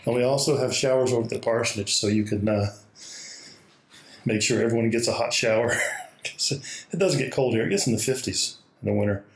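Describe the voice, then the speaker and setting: A man's voice: mid-range voice, fairly quick. Man, pastor; casual self-filmed walkthrough of a small church, talks while walking, winded and chuckling. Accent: Hawaii. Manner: chatty, laughs often, slightly out of breath. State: out of breath. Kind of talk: casual walking video tour. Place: small church building indoors. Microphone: laptop held while walking.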